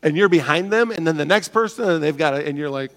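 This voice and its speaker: Animated high-voiced preacher in a hall. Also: male voice, quick pace. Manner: animated, joking, acts out voices of people in his stories. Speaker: pastor. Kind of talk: sermon. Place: church sanctuary.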